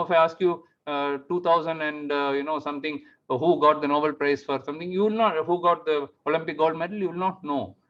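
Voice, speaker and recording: A man giving a devotional testimony talk, telling his story in an animated way and acting out the dialogue. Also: a little high. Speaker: speaker at a devotional gathering. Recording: muffled lo-fi sound.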